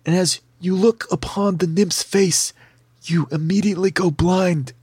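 A man's voice: high voice, fairly even intonation, a little slow, darkish tone, breathy edge, no echo, studio quality. A man narrating a tabletop fantasy game as game master, with theatrical, vivid descriptions and playful asides.

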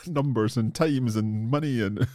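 A man's voice: mid-range voice, measured pace, darkish tone, no echo, studio quality. A man hosting a language lesson podcast, joking at his own expense while discussing phrases with a teacher. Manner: self-deprecating, joking. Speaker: podcast host learning Swedish.

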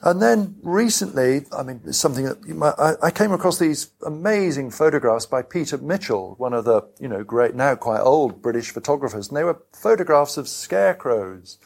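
A man's voice: fairly high pitch, lively intonation, moderate pace, vocal fry, hardly any pauses, a little mellow. A man being interviewed about his book at a live event. He talks in a rambling, self-deprecating way with frequent restarts. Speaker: author and guest. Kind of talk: conversational onstage interview. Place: live event venue with an audience.

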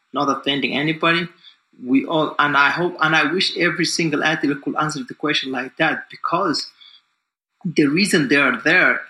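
A confident man in his forties talks about himself in a loose, easygoing flow, circling back with fillers. His voice sits a little high and rings bright and forceful. The room around him is echoey. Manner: confident and upbeat, loose and rambling with many fillers. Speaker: guest, distance runner. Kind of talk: casual interview talk.

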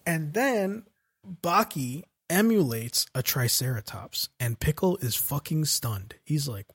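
A man's voice: on the high side, expressive, slow pace, slightly rough. A man hosting a casual comedy podcast, recapping an anime episode and acting out the characters' lines with swearing and laughter.

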